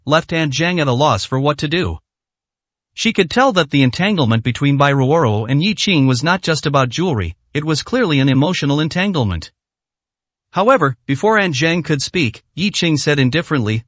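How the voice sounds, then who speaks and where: A man narrating an audiobook story in a steady, even reading. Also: fairly high pitch, moderate pace, no echo.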